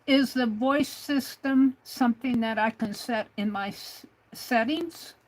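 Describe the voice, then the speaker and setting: A woman's voice: fairly high pitch, slow, poor audio. A woman hosting a casual livestream, hesitantly searching for words as she relays viewer questions. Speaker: livestream host.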